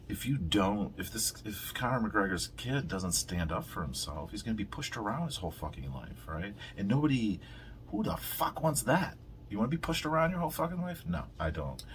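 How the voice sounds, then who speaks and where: Deep-voiced man ranting on his podcast. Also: fairly bright tone, a little hiss or hum. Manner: rambling, heavy swearing, quick laughs. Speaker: podcast host. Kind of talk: casual profane rant.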